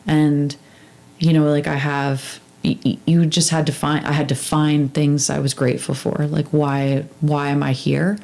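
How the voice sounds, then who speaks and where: A woman with a notably low voice talks through a casual, heartfelt podcast conversation. She is earnest and halting, full of fillers and restarts. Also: flat delivery, gravelly, a little mellow. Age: adult with two daughters.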